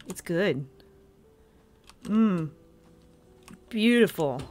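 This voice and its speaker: A woman's voice: fairly high pitch, very animated, moderate pace, pauses often, faint music behind. A woman giving casual, sweary gameplay commentary, chatting to her viewers and jumping at scares. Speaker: gaming video creator.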